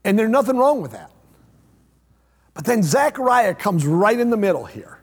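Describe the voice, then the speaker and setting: A man preaching a sermon as pastor, repeating phrases and swinging between loud emphatic lines and hushed low ones. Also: very animated, moderate pace, breathy edge. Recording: long hall reverb.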